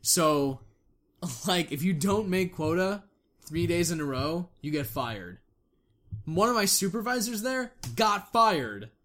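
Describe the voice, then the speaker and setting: A young man in casual chat, telling animated stories and swearing freely as he acts out what people said. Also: sits high, slow.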